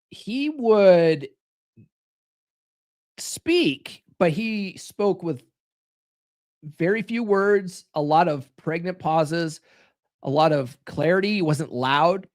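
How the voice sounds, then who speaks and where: Give me a blunt, foul-mouthed man coaching viewers, with a lively, expressive voice. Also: on the high side, slow, pauses often. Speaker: live stream host giving dating advice. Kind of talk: casual live stream talk.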